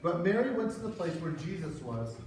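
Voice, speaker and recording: Kids' pastor, man, animated storyteller, higher voice; recorded far off in a roomy hall with noise. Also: fairly quick. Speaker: children's pastor. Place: church hall. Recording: echoey hall, far from the mic, with background noise.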